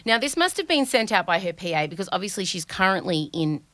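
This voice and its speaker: A woman's voice: lowish voice, sing-song, pushed and bright, dry recording. A woman, hosting a comedy podcast in a playful, riffing way. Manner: playful, riffing, quick to laugh. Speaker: podcast host. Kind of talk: casual comedic chat.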